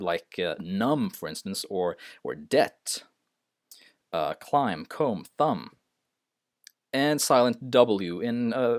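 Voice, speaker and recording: A man's voice: fairly low pitch, no echo, clean studio sound. A man teaching a lesson off the cuff, hesitant, with many fillers and restarts. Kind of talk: unscripted screen-share lesson.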